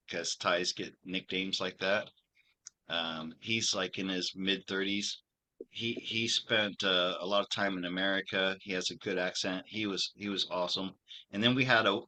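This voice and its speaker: A man hosting his tarot channel, chatting casually on a video call and rambling through a story with many pauses and restarts. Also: low-pitched, bright, forceful tone. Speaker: channel host and tarot reader.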